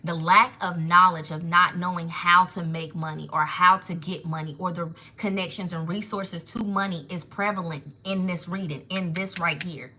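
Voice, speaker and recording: This live spiritual tarot reading comes from a woman whose voice sits on the low side, bright and forceful, at a moderate pace with hardly any pauses. Animated and emotional, she rambles and keeps breaking off to follow new threads of thought.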